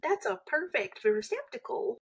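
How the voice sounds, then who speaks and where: A woman's voice: sits high, very animated, unhurried, gravelly, fairly bright tone, a little hiss or hum. A woman guest in casual podcast chat, explaining things bluntly and teasing her host dryly.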